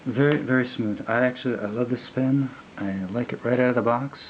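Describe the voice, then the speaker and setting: A man in his fifties casually reviewing a fountain pen, talking in a halting, rambling way with lots of fillers and trailing off as he writes. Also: medium pitch, fairly even intonation, phone-quality sound, slight background noise. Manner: rambling, halting, many fillers, drifts to a mutter while writing. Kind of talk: casual unboxing and writing test.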